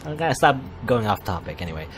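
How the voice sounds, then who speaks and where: A man with a fairly low voice hosts a let's play, reading the game's lines aloud and drifting into loose, thinking-aloud tangents full of fillers. Now and then he slips into a mock posh voice for a quip. Faint music plays underneath. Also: very animated, fast talker. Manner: puts on a mock posh British voice for quips. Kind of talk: reading a visual novel aloud with commentary.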